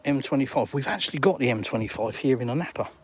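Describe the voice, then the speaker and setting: A man's voice: mid-range voice, expressive, quick pace, darkish tone, slight background noise. Blunt English man walking and talking. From England. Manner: blunt, sarcastic, reads out comments and retorts. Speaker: vlogger answering live chat. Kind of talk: casual walk-and-talk live stream. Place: outdoors on a seafront.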